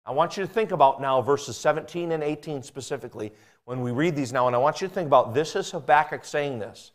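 A man preaching a sermon, reading scripture aloud and speaking earnestly, swinging between emphatic high peaks and quiet low passages. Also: fast.

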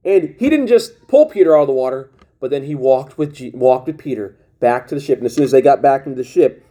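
A man's voice: mid-range voice, lively intonation, quick pace, warm tone. A man preaching a sermon, reading King James scripture aloud and often restarting his phrases.

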